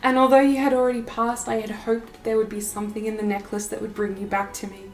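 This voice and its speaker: A woman voicing a grieving mother who pleads through tears, her voice raised high above her usual tone. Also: little pitch movement, fast, lightly acted. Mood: tearful. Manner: tearful, pleading.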